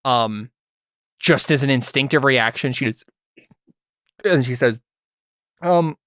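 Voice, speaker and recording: A man narrating a tabletop game as game master, relaxed, thinking aloud and laughing often. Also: medium pitch, measured pace, no room sound, studio quality.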